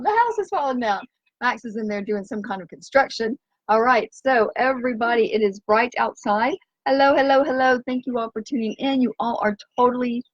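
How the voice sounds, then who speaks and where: A woman's voice: a little high, slightly rough, dry recording, dull audio. A woman hosting an upbeat live stream outdoors by the sea, talking in an exuberant, sing-song way and breaking into chants and cheers. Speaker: organic nutrition coach and live-stream host. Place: outdoors by the sea on a windy day.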